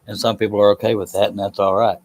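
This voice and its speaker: A man's voice: fairly low pitch, flat delivery, quick pace, a little mellow. A man chatting casually on a live stream while he works in his workshop. He talks in a rambling, self-deprecating way and laughs at himself.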